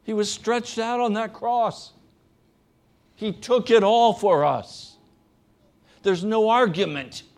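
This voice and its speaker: A middle-aged male pastor preaching with a slow, deliberate pace. His voice sits a little high, and he often drops into a soft, low register. The delivery is earnest. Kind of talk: sermon.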